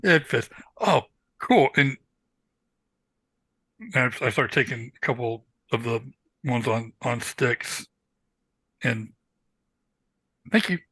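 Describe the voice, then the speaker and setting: A man at a mid pitch with a bright, forceful tone joins in a tabletop game. He hesitates and repeats words in a goofy, casual way, and the sound is close and dry. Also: expressive, slow pace, long pauses, slightly rough, no echo. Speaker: player.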